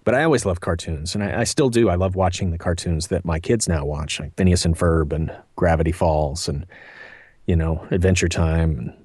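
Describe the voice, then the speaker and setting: A rather low-pitched man in his thirties talks casually as an interview guest, wandering through his answers with fillers, restarts and self-deprecating asides. The sound is dry and close, with no room around it. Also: normal speed, a little mellow, slightly rough, dry recording. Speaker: voice actor guest.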